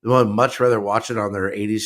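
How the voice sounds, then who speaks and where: A man co-hosting a casual podcast chat, telling stories in a lively way. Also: on the low side, fast. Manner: lively storyteller, raises his voice when acting out scenes. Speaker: podcast co-host.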